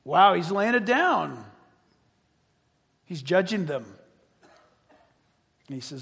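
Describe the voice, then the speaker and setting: A man preaching a sermon as pastor, animated and joking, acting out the voices of other people. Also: on the high side, slow pace, gravelly, pauses often, breathy edge, big-room sound.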